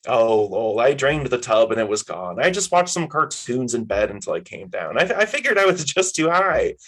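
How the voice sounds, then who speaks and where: A man's voice: mid-range voice, big pitch swings, normal speed, a bit bright. A man reading aloud, voicing a laid-back young woman friend who talks casually and upbeat. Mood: breezy.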